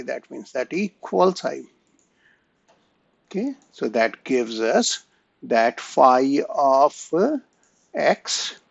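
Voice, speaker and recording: Male lecturer, slow and halting, lively pitch, gravelly edge, dull lo-fi recording. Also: no room sound. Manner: slow, halting, frequent "right?" and "okay?" checks. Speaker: math lecturer. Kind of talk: online lecture.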